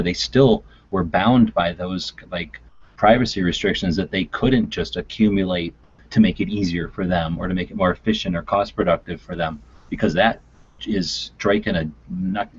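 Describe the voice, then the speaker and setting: A man's voice: sits low, husky. A man in a casual chat, ranting earnestly. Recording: lo-fi online voice chat.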